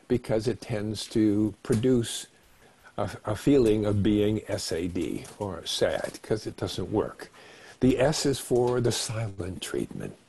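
Older male host, husky and unhurried, reflective webinar talk. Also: on the low side, warm tone. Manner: slow, reflective, acts out short quoted exchanges. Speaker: doctor giving a meditation talk. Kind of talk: calm webinar talk on relationships. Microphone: webinar microphone.

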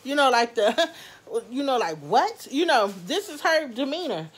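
Animated woman telling a storytime. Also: high voice, unhurried, slightly rough. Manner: animated, laughing, talks to viewers as y'all. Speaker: vlogger. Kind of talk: storytime vlog.

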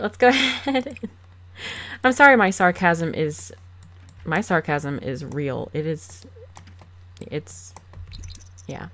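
A woman hosting a game let's play, chatting casually with quick laughs and sarcastic asides, recorded on a desk microphone at home. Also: lowish voice, fairly bright tone. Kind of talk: casual gameplay commentary.

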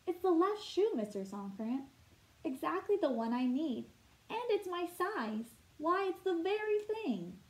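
An eager young schoolboy in a read-aloud storybook, out of breath and urgent, as a woman voices him. His voice is pitched high and pushes forward. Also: big pitch swings, a little slow, echoey room, exaggerated voice, rough recording.

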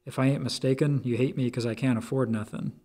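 A man's voice: medium pitch, fairly even intonation, quick pace, dark tone, close to an everyday voice. A man doing a blunt, stern preacher-like young man. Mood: insistent. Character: stern zealous young male monk.

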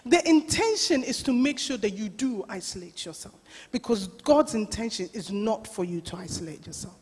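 A woman pastor preaching a sermon, telling a story with lots of laughter and animated voices. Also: fairly high pitch, normal speed, husky. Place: church. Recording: reverberant church hall.

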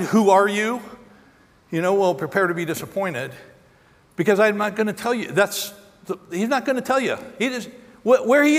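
A man preaching a sermon as a pastor, animated, acting out quotes with sudden jumps in pitch. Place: large church auditorium. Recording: long hall reverb.

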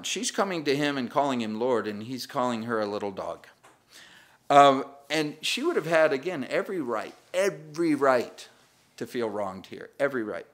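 A man's voice: medium pitch, a bit bright. A male pastor preaching a sermon in a conversational way, acting out the people in the story.

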